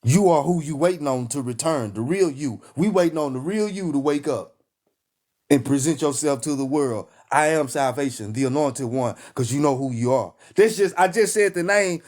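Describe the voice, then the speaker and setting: A man's voice: a little high, normal speed, darkish tone. A man with a Texan accent preaching with fire in a live stream, emphatic and repetitive, hammering his lines like a call and response. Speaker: online preacher.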